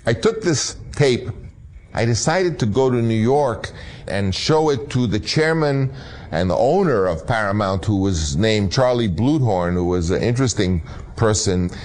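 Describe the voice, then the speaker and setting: Male filmmaker telling an animated anecdote. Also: fairly low pitch, measured pace. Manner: animated, acts out voices in anecdotes. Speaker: filmmaker, interviewee. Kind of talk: anecdotal storytelling.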